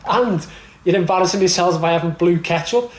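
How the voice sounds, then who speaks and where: A man with a Liverpool accent chatting casually about football as a podcast co-host, ranting and swearing with animated laughter. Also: high-pitched, brisk, reverberant, slight background noise, rough recording.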